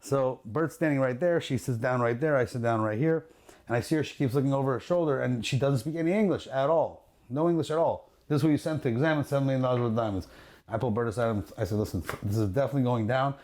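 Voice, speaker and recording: Speaking from his jewelry store, a luxury jewelry dealer with a medium-pitched voice tells a story quickly in a casual podcast chat. He's animated and profane, acting out the quotes and laughing along the way.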